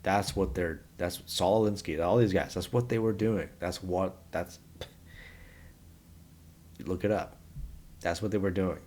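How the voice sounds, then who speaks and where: A man's voice: low voice, measured pace, pauses often, darkish tone. A man giving a blunt, opinionated solo monologue to camera as a vlogger, rambling and restarting his sentences as he goes.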